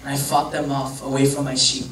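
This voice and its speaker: A man's voice: medium pitch, completely flat delivery, brisk, fairly bright tone. A young man, a youth pastor, telling a story to a youth group in a casual, joking, rambling way. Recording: echoey room from far off, faint hum.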